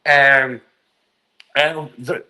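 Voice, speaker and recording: Slow rambling Chinese vlogger man. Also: mid-range voice, fairly even intonation, bright, forceful tone, poor audio. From China. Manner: slow, rambling, swears a lot, many fillers. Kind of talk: casual monologue.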